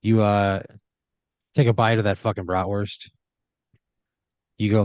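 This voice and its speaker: Low-voiced man narrating a rambling improv scene. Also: steady tone, fairly quick, pauses often, darkish tone, no room sound. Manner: rambling, lots of "like" and "you know". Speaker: host running the improv story. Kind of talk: improvised second-person storytelling.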